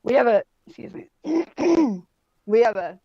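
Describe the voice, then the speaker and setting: Animated and fairly high-pitched, this woman talks a little slowly. She's in her forties, from Indianapolis, USA, and is a guest in a casual chat, spinning rambling stories with plenty of swearing and many "like"s and "um"s. Her phone or tablet on a video call gives audio with no room sound and the highs cut off.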